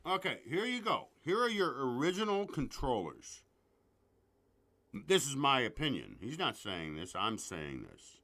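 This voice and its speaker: A man hosting his own show, ranting at his listeners in a profane, rambling, excitable way full of asides. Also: mid-range voice, a little slow. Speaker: podcast host.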